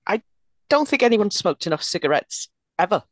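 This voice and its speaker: A woman's voice: mid-range voice, very animated, normal speed, no echo. A woman co-hosting a film podcast in casual chat, dry and understated. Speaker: podcast co-host.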